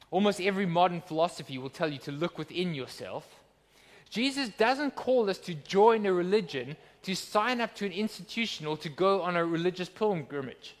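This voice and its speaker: Male pastor, higher register, preaching earnestly in a reverberant church hall. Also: big pitch swings, moderate pace. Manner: earnest, emphatic preaching with rhetorical questions. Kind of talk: sermon.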